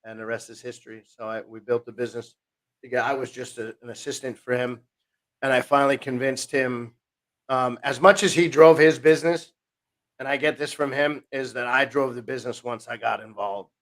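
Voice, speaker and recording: A man's voice: medium pitch, fairly quick. Casual storyteller: New man, fifties, podcast guest, restarts often and acts out quotes. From New Jersey, USA. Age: 50s. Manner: rambling, self-interrupting, animated retelling with quoted voices.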